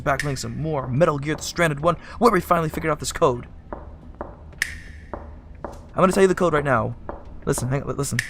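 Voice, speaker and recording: A man hosting a let's play, talking himself through a puzzle out loud in an excitable, chatty way. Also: on the high side, a little fast, creaky, pauses often, noisy background. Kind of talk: gameplay commentary. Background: loud game music.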